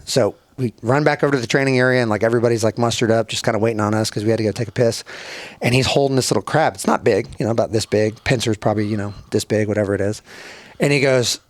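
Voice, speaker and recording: A man guesting on a podcast, telling a story in casual chat, animated and profane, often laughing as he goes. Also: lowish voice, fast, dry recording. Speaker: podcast guest, former Navy bomb disposal tech. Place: podcast studio.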